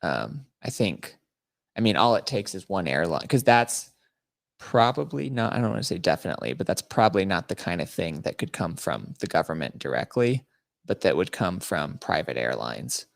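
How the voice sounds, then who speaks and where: A male podcast host with a low, gravelly voice tells crude, mocking stories in casual chat. His pitch swings widely as he goes, and he laughs often. The sound is dry and close. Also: very animated, normal speed, no room sound.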